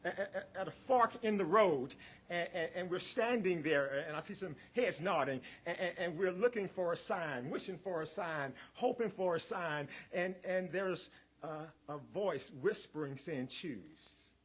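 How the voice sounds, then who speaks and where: Male guest minister, high husky voice, rousing sermon delivery with repetition and call-and-response. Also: expressive, normal speed. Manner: repeats words, builds in waves, calls on the congregation; chuckles between points.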